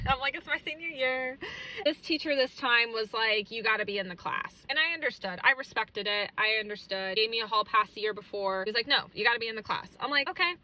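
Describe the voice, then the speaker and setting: A woman's voice: medium pitch, bright, forceful tone, low-quality recording. A young woman hosting her own podcast, telling a personal story in a chatty way, full of fillers and close to tears at times. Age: young adult. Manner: chatty, filler-heavy, emotional and tearful at moments. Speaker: podcast host.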